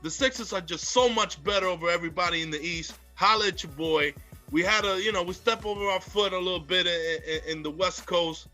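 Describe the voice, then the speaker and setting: A man's voice: high voice, fairly quick, sharp tone, faint music behind. A young man co-hosting a podcast, hyped, boastful and playful in casual sports chat. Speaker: podcast co-host.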